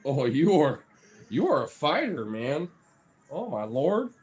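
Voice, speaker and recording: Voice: medium pitch, sing-song, slow, darkish tone, slightly rough. A vlogger talking casually, rambling with lots of fillers and playfully teasing and cursing at their pets. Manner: rambling, full of "you know" and "like". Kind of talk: casual vlog chat.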